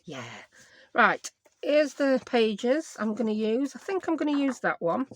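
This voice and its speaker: A woman's voice: fairly high pitch, expressive, unhurried. A woman with a Yorkshire accent chatting casually through a craft tutorial at her desk, self-mocking and dropping in dialect words. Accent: Yorkshire English. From Yorkshire, England. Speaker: craft vlogger.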